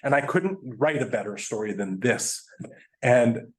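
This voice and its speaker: A man, a guest speaker telling a personal story in a chatty, animated way, laughing now and then. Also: mid-range voice, measured pace. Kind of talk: storytelling presentation.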